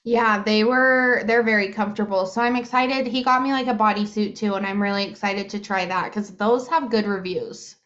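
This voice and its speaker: A woman's voice: mid-range voice, steady tone, normal speed, few pauses, a bit bright. Bubbly 30s woman chatting on a podcast, lots of "like", kinda muffled audio. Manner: chatty, giggly, lots of fillers. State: hiccups. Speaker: podcast co-host. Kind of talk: casual chat.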